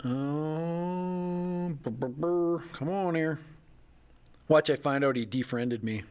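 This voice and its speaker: A man's voice: on the high side, takes it slowly, darkish tone, smooth. A middle-aged man hosting a casual livestream, rambling and thinking aloud with chuckles. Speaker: livestream host.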